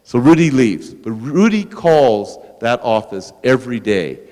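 A man giving a public lecture at a museum, telling a story in a lively anecdotal way and turning to the audience with asides. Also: mid-range voice, measured pace. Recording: long reverb in a large hall.

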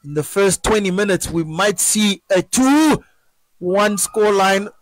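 A man giving excited live football commentary, breaking into shouts at chances and goals. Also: high voice, a little slow, no room sound, rough recording.

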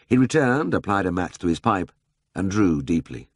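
A man narrating a memoir audiobook in a measured, steady storytelling manner. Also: sits low, dry recording, clean studio sound.

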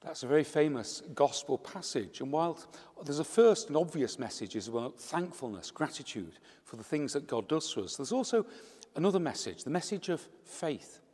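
Male priest, measured funeral homily, slightly high voice, long church echo. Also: very animated, a little mellow, breathy edge.

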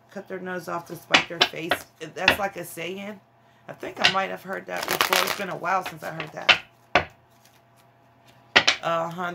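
A woman's voice: lowish voice, creaky, very noisy. A woman giving a casual tarot reading to her viewers, frank and emphatic, calling them honey and child. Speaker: tarot reader.

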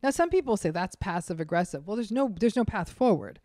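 A woman's voice: medium pitch, lively intonation, a little fast, warm tone, no echo, clean studio sound. A woman psychologist, a guest on a podcast interview, who speaks emphatically and acts out the people she quotes.

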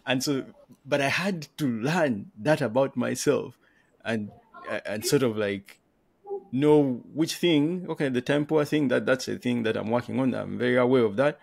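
Gravelly man chatting as podcast guest. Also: mid-range voice, normal speed, a little mellow, no room sound. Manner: laughs often, repeats words while thinking. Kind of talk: casual conversation.

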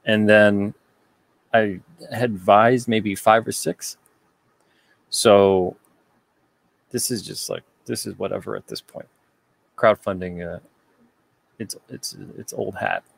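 Gravelly low-voiced man chatting loosely. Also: expressive, takes it slowly, pauses often, no echo. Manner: rambling, joking, self-deprecating asides. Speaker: publisher host reading viewer comments. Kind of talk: casual livestream chat.

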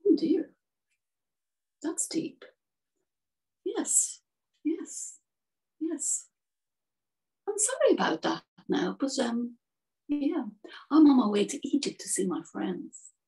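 Lady doing a chirpy little swallow guy, squeaks up high, slow and a bit creaky, mic kinda far. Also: sing-song, full character voice. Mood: awkward. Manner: high, bright bursts of surprise. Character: chirpy little male swallow, restless and chatty. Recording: distant from the mic.

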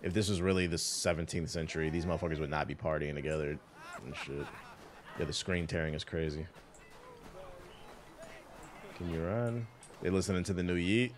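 A man's voice: deep voice, quick pace. A man giving casual, profane, joking commentary while playing a video game on stream. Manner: loose, profane, laid-back joking.

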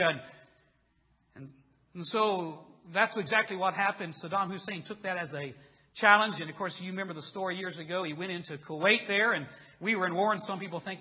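A man preaching a sermon as pastor in a church, telling stories in an animated way and acting out voices. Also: sits high, moderate pace, big-room sound, highs cut off. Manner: animated storytelling, acts out voices.

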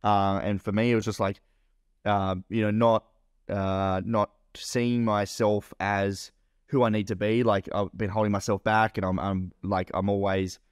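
A man's voice: on the low side, flat delivery, a little slow, clear, resonant tone, dry recording, studio quality. Rambling man, swearing podcast host. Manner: rambling, full of "like" fillers and swearing. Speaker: podcast co-host and business owner. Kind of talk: casual podcast chat.

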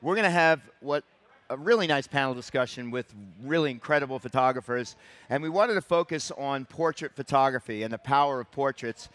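A man's voice: medium pitch, fairly quick, fairly bright tone, dry recording. Easygoing man moderating a stage panel. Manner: friendly, rambling introductions. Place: event stage before a crowd.

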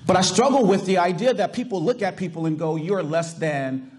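Middle-aged pastor guy preaching, californian accent, kinda high voice, asks the room questions. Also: lively intonation, fast talker. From US South. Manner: emphatic preaching with rhetorical questions to the congregation. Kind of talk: sermon.

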